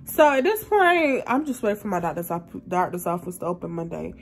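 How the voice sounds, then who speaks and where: A woman's voice: fairly low pitch, animated, fairly quick. A woman, sick and coughing, complaining in a casual, drawling vlog to camera. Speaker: vlogger.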